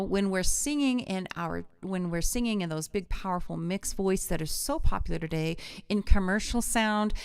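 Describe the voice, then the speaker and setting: Middle-aged woman, live vocal coach; smooth, resonant voice, close and dry; chatty, digresses. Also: on the low side, no echo. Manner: chatty, digressive, warmly enthusiastic. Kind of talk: live-streamed singing lesson.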